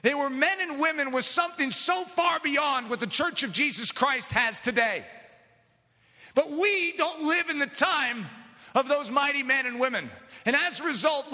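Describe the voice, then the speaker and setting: Male preacher, high bright voice, animated delivery, big reverberant hall. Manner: impassioned, builds to shouting. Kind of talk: sermon.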